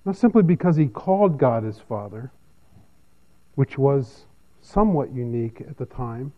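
A man preaching a sermon in a measured, expository way, with his pitch rising and falling often. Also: expressive, narrow, tinny audio. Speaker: pastor.

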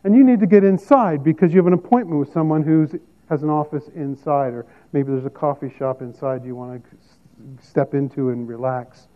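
Emphatic pastor preaching, tinny sound. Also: male voice, fairly high pitch. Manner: teaching, emphatic, repeats key phrases. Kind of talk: sermon.

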